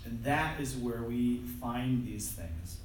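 A man's voice: medium pitch, expressive, slow. A man delivers a conversational sermon, self-deprecating and loose, often restarting his phrases. His voice sits in a middle register. The sound is distant and washed in heavy hall echo, with a faint hiss underneath. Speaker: preacher. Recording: echoey hall from far off, faint noise.

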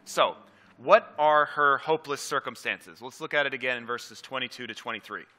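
A man's voice: medium pitch, moderate pace, sharp tone. A man preaching a teaching sermon, earnest and emphatic, repeating key phrases and asking his listeners questions. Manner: earnest, asks the audience questions. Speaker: pastor.

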